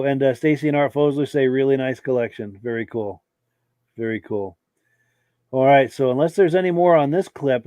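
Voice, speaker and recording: This is a male podcast host on a live show, casually going through viewer comments while a cold makes his voice fade and brings on coughs. He speaks at a medium pitch in a laid-back, chatty way full of filler words. The recording has no echo.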